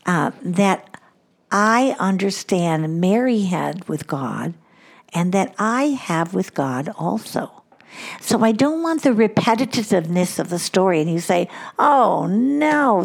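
Earnest older woman with a gravelly voice. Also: medium pitch. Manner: earnest, reflective, repeats words for emphasis. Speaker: podcast host. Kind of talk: devotional podcast talk.

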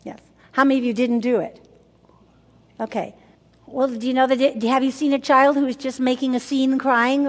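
An older woman speaking to a group of mothers, emphatic and repetitive, asking the audience questions. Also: high voice. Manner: emphatic, repeats words for effect, asks the audience questions. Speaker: women's ministry speaker. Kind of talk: teaching talk to mothers. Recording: long hall reverb.

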